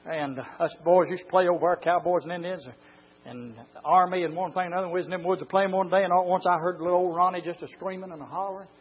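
A man preaching a fiery sermon, swinging from low, close talk to drawn-out shouted lines. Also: steady tone, muffled recording, a little hiss or hum. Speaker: pastor.

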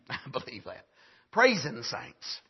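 A man preaching a sermon at a camp meeting, punctuating with frequent "amen" and building up to shouts. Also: medium pitch, huge pitch swings, takes it slowly, slightly rough, lo-fi sound.

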